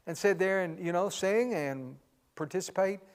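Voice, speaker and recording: A man's voice: high voice, normal speed. A middle-aged man, a pastor, chatting casually and folksily in a Q&A, joking and often saying "man". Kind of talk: casual Q&A chat. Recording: long hall reverb.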